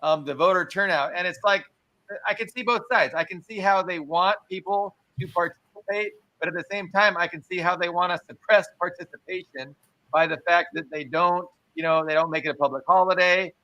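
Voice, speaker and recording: Slightly high, bright-voiced man talking politics. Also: fairly quick, highs cut off. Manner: earnest, conversational, frequent fillers. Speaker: guest. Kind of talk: casual political discussion.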